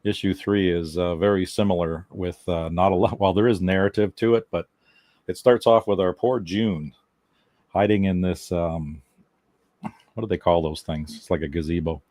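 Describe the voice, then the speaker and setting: A man guesting on a podcast, talking about comics in a relaxed, chatty way with small chuckles. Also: low voice, moderate pace, no room sound, clean studio sound. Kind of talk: casual chat.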